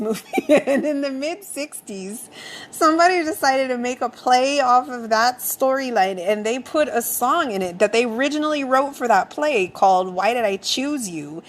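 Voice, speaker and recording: A woman's voice: a little high, a little hiss or hum. A woman hosting a podcast, casually retelling a movie plot in a chatty way and swearing freely. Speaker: podcast host.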